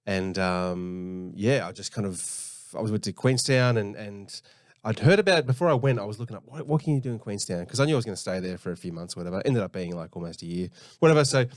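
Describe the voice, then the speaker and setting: Laid-back Australian man, low voice. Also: expressive, fast, no room sound, studio quality. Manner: rambling, laid-back, lots of fillers. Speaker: podcast co-host. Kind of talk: casual storytelling chat.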